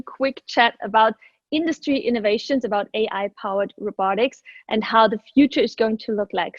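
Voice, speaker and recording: A woman hosting an online panel discussion in a courteous, formal way. Her voice sits a little high and sounds dry and close. The audio is dull and lo-fi, like a remote call. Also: no room sound. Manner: polite, formal welcomes and thanks. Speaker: moderator.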